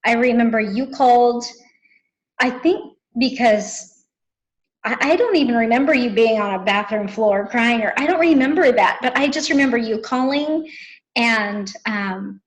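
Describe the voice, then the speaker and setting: A woman in her thirties speaks in an earnest, heartfelt way, pausing often to find her words. Her voice sits fairly high and she talks slowly and unhurriedly. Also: animated, poor audio. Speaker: guest, best friend. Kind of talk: emotional conversation.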